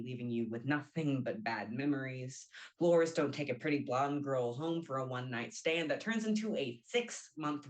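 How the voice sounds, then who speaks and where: A woman's voice: extremely low pitch, low-quality recording. A young woman playing a bitter, abandoned young woman in a brooding stage monologue.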